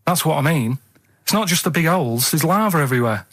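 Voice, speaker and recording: A man on a radio show, chatting casually and telling rambling, halting stories full of restarts. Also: on the high side, expressive, fairly bright tone. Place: radio studio.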